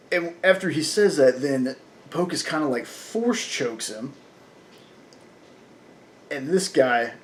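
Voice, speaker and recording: A man's voice: fairly high pitch, a little hiss or hum. A man reviewing a comic book in casual talk, chatty and full of fillers, often laughing.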